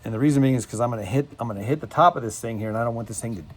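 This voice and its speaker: In a low-quality recording, a cigar box guitar builder with a medium-pitched voice talks at a racing pace. Working at his home workshop bench, he gives a casual step-by-step demonstration in a folksy, rambling way, often repeating himself.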